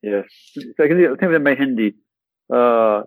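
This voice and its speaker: A man being interviewed as an actor guest on a podcast, talking in an enthusiastic, animated way and often repeating words. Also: mid-range voice, normal speed, long pauses, no room sound, rough recording.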